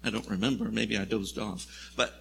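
A man's voice: on the low side, fairly even intonation, moderate pace, creaky, a bit bright, long reverb tail, a little hiss or hum. A male pastor preaching a sermon, telling the story in a conversational, wry way with jokes.

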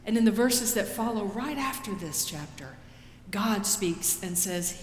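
A woman pastor preaching a sermon in a slow, deliberate way, rising for quoted pleas and dropping soft after them. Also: medium pitch, expressive, a little hiss or hum. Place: church sanctuary. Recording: roomy church with long reverb.

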